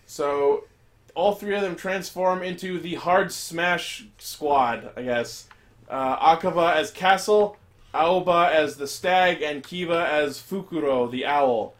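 A man's voice: on the high side, slow. A man casually recapping a show episode, rambling and swearing, acting out quoted lines. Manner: rambling, profane, animated retelling with quoted voices. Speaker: podcast host recapping an episode. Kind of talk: casual chat.

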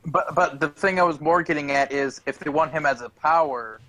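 A man's voice: fairly high pitch, a little fast, sharp tone, no room sound. A man co-hosting a casual chat, giving blunt, profane opinions. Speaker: podcast co-host.

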